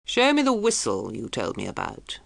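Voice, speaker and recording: A woman's voice: very deep voice, huge pitch swings, normal speed, creaky, no room sound, voice pushed down, exaggerated voice. Storybook figure: commanding older male colonel, firm delivery, read by a woman.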